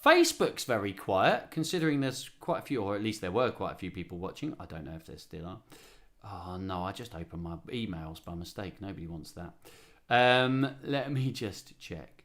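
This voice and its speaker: A man's voice: low-pitched, big pitch swings, normal speed, fairly bright tone. A man, a musician, hosting a casual livestream and chatting playfully between songs with a self-mocking humor. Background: guitar.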